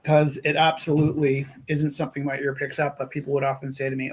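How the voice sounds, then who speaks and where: A man's voice: a little high, level tone, fast, breathy edge. A man chatting casually while making art on a live stream, musing aloud and poking fun at himself. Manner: musing, rambling, self-deprecating.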